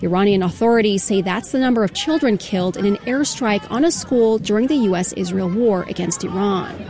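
A woman reading a scripted news report as a reporter, with steady, vivid storytelling. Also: mid-range voice, brisk.

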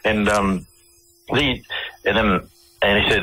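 A man with an Australian accent, a guest on a radio show, telling his stories in a halting way full of restarts and fillers. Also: fairly low pitch, pushed and bright, breathy edge, poor audio. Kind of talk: casual interview storytelling.

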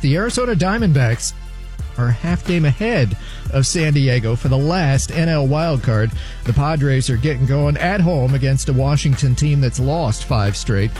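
A man reading a scripted sports news update in a brisk, newsy way. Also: a little high, a little mellow.

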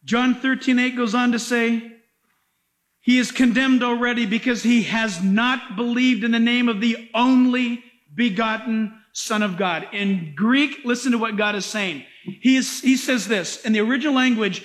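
A male pastor preaching a sermon, animated and dramatic in his emphasis. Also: very high voice, moderate pace.

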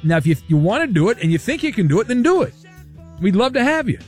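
A man hosting a talk radio show, brisk and wisecracking, reading out listener questions. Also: high-pitched, very animated, a little mellow, soft background music. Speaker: radio host.

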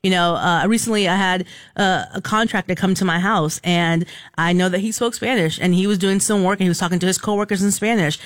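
A woman's voice: fairly low pitch, a little fast, no echo, studio quality. A woman co-hosting a radio show, telling a long story in casual banter and acting out the voices of the people in it. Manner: animated storyteller, acts out quoted voices. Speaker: radio co-host.

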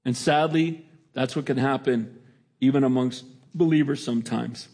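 A middle-aged man preaching a sermon in a conversational way, rising to emphatic lines and dropping to quiet reflection. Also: mid-range voice, moderate pace. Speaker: pastor.

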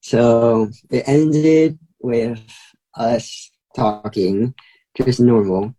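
A man's voice: medium pitch, fairly even intonation, extremely slow, dark tone, slightly rough, rough recording. A young man telling a story as a guest, chatty, with many fillers. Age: young adult. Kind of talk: casual storytelling.

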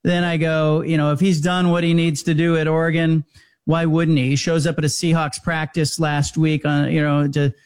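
Male sports radio host, somewhat higher voice, easy conversational delivery. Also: flat delivery, normal speed, smooth. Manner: conversational, reflective.

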